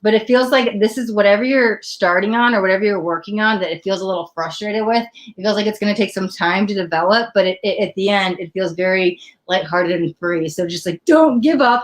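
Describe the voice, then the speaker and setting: A woman giving a live tarot reading on a laptop mic, chatty and excitable, quick to laugh and gushing over the cards. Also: medium pitch. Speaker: tarot reader. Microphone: laptop built-in.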